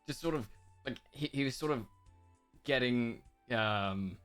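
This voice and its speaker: Quiet hesitant male player. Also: medium pitch, unhurried, faint music behind. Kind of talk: tabletop role-play.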